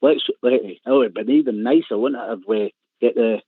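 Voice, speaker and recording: A man's voice: medium pitch, fairly quick, breathy edge, dry recording. A man talking as a radio pundit in casual phone-in chat, rambling and repeating his words. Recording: tinny phone line.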